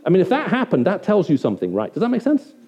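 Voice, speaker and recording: This preacher is a man with a high, somewhat mellow, husky voice that swings hugely in pitch as he talks fast. Addressing around a hundred listeners in a hall, he stays conversational and repeatedly asks if it makes sense. The audio is dull and lo-fi.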